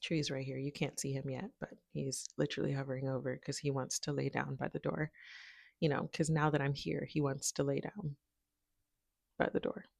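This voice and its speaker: Warm-hearted home vlogger, woman with a deep voice, rambling and laughing, dry close sound. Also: level tone, normal speed, gravelly, no room sound. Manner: chatty and rambling, laughs often, talks to her dogs. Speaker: spiritual video creator. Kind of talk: casual chat to camera. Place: home, by a window. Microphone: propped-up camera.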